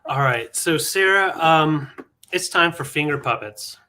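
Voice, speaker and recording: A woman's voice: sits low, animated, unhurried, bright, forceful tone, slight background noise. A woman co-hosting a casual vintage live sale, laughing often and describing items for sale. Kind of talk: casual live-stream selling chat.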